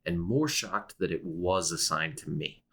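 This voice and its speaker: A young man with a very deep voice, co-hosting a casual podcast. He rambles, restarts his sentences and laughs often as he chats. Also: lively intonation, unhurried, gravelly, a bit bright. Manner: rambling, self-interrupting, with frequent restarts and laughs. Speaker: podcast co-host. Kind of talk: casual chat.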